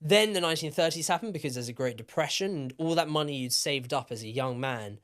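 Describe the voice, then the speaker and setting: A man co-hosting a podcast, tipsy and telling a story in a lively, rambling way with plenty of swearing. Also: fairly high pitch, fast. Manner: animated, swearing, repeats himself. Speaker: podcast co-host. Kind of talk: casual storytelling chat.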